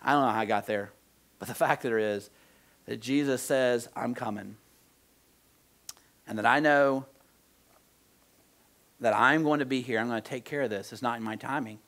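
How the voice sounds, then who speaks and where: A male pastor preaching a conversational sermon in church, moving between soft, slow emphasis and animated outbursts. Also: mid-range voice. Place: church sanctuary.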